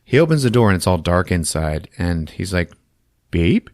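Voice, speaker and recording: A man's voice: deep voice, big pitch swings, fairly quick, dry recording, clean studio sound. A man hosting a podcast, recapping a film in casual chat, laughing often and acting out scenes as he goes. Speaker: podcast host.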